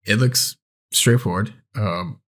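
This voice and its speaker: Podcast co-host, young adult man, lower register, relaxed and enthusiastic, casual swearing. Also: slow. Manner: loose, swearing, enthusiastic recommending. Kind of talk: casual chat.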